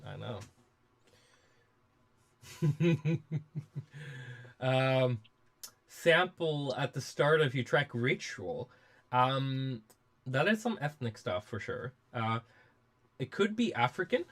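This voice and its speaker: A man in a mid-pitched voice rambles through a casual studio livestream. He restarts his sentences often and swears freely. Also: a bit bright. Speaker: music producer and livestream host.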